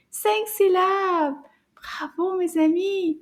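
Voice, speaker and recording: High, slow-speaking cheerful woman teacher. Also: expressive. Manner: cheerful and encouraging, repeats words slowly and clearly; drops into hushed whispers for surprises. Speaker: French teacher for children. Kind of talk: children's language lesson.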